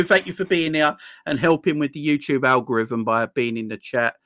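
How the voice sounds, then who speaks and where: A man's voice: fairly high pitch, normal speed, few pauses, a bit bright, no room sound. A man hosting a casual live chat, reading viewer comments aloud, laughing often and calling people "my friend.". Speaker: livestream host.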